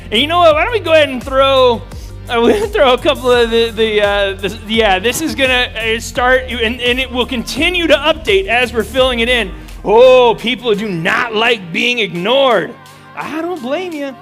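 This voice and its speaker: A young male youth leader with a very high, bright voice, talking in an excitable, joking way to a group of students while music plays faintly underneath. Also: moderate pace. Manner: animated, joking, talks to a live room. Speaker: youth pastor. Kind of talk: energetic audience interaction.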